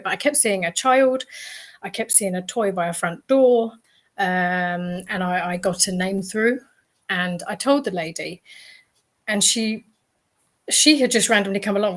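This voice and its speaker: A woman, a guest medium on a podcast, telling a story in a chatty way, with many ums and restarts. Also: mid-range voice. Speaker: guest medium and paranormal investigator. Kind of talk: casual podcast interview.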